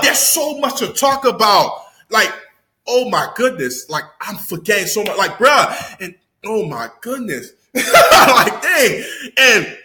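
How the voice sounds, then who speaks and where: A young man rattles off an excited, casual recap, full of slang, swearing and loud outbursts. His voice sits high and swings widely in pitch. It has a bright edge, recorded in a roomy, echoing space. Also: a little slow. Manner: animated, slangy, swears freely, loud exclamations. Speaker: YouTuber reviewing a TV episode.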